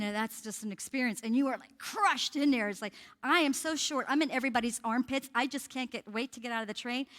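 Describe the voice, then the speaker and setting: Older woman speaker, fairly high voice, earnest storytelling, church hall with long reverb. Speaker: guest speaker on human trafficking. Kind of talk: church talk. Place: church sanctuary.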